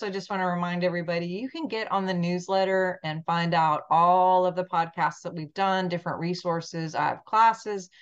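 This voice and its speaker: Chatty woman host, kinda low voice, dull lo-fi call audio, lots of ums. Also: smooth. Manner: chatty, gushing, many ums. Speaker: podcast host. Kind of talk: casual chat. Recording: dull lo-fi sound.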